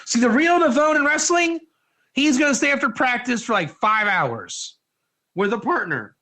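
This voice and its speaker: A man giving an informal Torah class, energetic and joking, putting questions to his listeners in a classroom. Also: very high-pitched, normal speed. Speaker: Torah teacher.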